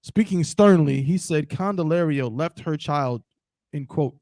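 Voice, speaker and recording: A man co-hosting a podcast who reads a news article aloud haltingly and chimes in with casual remarks. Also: fairly high pitch, a little mellow, no echo. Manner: affirming interjections, halting reading. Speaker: podcast co-host. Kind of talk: casual chat and reading aloud.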